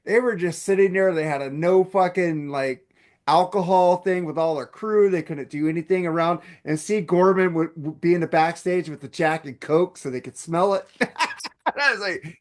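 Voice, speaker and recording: A man hosting a podcast, telling a long story in a casual, animated way and swearing a lot. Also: high-pitched. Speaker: podcast host.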